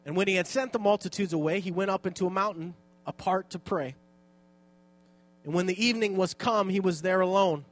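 A man's voice: high-pitched, brisk. A man teaching a Bible passage in a casual, joking and self-deprecating way, reading scripture aloud between his remarks.

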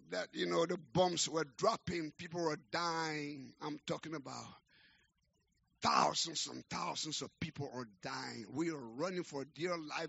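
A middle-aged man, preaching a sermon as a pastor and telling his story with rising, shouted exhortation. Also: fairly high pitch, vocal fry, slightly rough. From Liberia. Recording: dull, lo-fi sermon recording.

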